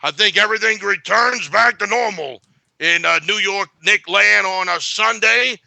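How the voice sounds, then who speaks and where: A man's voice: high voice, moderate pace, vocal fry, bright, forceful tone, no echo. A man giving a sports betting pick in a blunt, boastful way, full of filler uhs.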